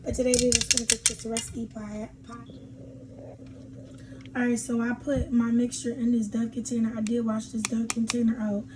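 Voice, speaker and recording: A woman's voice: a little high, flat delivery, moderate pace, background noise. A young adult woman vlogging at home, chatting casually and demonstrating a product, rambling and laughing often. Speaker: beauty vlogger. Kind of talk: casual chat and product demo.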